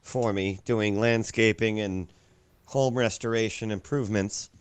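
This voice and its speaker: A man's voice: lowish voice, steady tone, a little slow, smooth. Profane ranting man. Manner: swears constantly, ranting. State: sore back. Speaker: podcast co-host. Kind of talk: casual profane banter.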